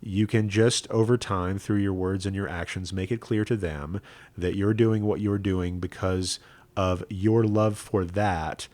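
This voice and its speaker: Man, rabbi, low voice, earnest personal storytelling, conversational, dry close sound. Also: fairly even intonation, unhurried, darkish tone, no echo. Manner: earnest, conversational, often adds "right?".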